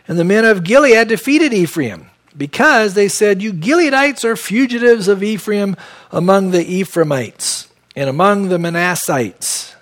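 A man's voice: sits high, fairly bright tone. A man from San Diego teaching verse by verse through a Bible passage as pastor, with conversational, folksy asides.

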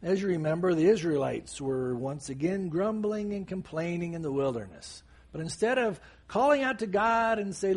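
Brief: male preacher, lively up-and-down delivery, slightly husky, chatty asides. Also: sits high, moderate pace, few pauses. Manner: animated, conversational teaching with asides. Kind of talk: sermon.

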